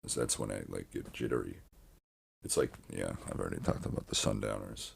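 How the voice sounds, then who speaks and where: A man's voice: a bass voice, brisk, gravelly, a little hiss or hum. A man hosting a podcast, talking in a meandering casual monologue full of restarts and swearing. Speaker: podcast host.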